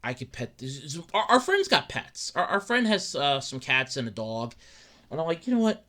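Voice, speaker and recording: A man's voice: on the high side, very animated, moderate pace, fairly bright tone. A young man hosting a casual solo podcast, rambling and stumbling over words while sounding upset and dejected. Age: young adult. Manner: rambling, repeats words, acts out his own thoughts. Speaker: podcast host.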